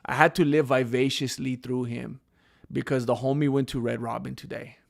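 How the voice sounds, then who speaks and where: A man hosting a livestream, chatting casually and excitedly in slangy, animated storytelling. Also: medium pitch, normal speed, gravelly. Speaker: livestream host.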